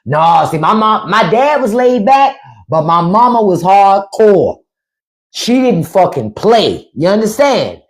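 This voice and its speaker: Profane, animated woman podcast host. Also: medium pitch, takes it slowly. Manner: profane, animated storytelling with acted quotes. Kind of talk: casual live-stream talk.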